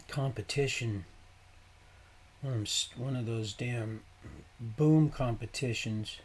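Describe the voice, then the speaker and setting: A man's voice: medium pitch, slow pace, a little mellow, slight background noise. A man streaming live, telling rambling, profane stories in a casual way. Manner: rambling, profane, swearing often. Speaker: livestreamer.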